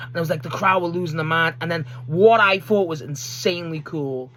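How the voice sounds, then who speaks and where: A young man, recapping a wrestling match in casual chat, excitable and swearing often. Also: fairly high pitch, fairly quick. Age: young adult. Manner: excitable, swears a lot, acts out promo quotes. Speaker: wrestling video host.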